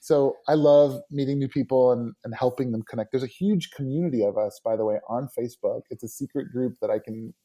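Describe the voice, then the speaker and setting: Mellow-voiced earnest man. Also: medium pitch, steady tone, fairly quick, few pauses. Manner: earnest, warm about his community. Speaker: podcast guest, worship leader. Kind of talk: casual interview chat.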